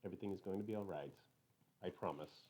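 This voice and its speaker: Man voicing mother, protective, tired, soothing, dark low tone. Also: quick pace, a little hiss or hum, natural voice.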